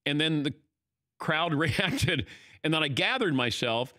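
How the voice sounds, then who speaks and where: An older man hosting a casual chat, telling stories in an animated way and acting out what people said. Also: fairly high pitch, a little slow, no echo, clean studio sound. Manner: animated storytelling, acting out quoted lines. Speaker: host.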